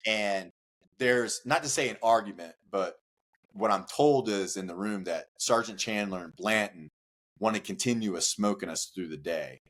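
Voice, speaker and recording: A man guest on a podcast, telling a rowdy story casually, with lots of "like" fillers, cursing and acted-out shouts. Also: on the low side, moderate pace. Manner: animated, profane, many "like" fillers, acts out shouts.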